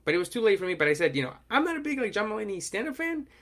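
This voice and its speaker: A young man with a slightly higher-pitched voice chats casually as a podcast co-host. He rambles along with many fillers, animated and loose. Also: racing. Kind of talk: casual chat.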